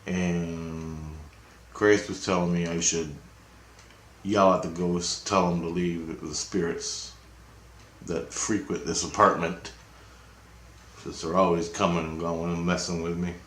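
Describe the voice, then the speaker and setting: A man's voice: low voice, flat delivery, slow, pauses often, fairly bright tone, echoey room. A man giving a rambling, casual spiritual monologue at home, swearing and repeating himself. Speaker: spiritual vlogger. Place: apartment, indoors.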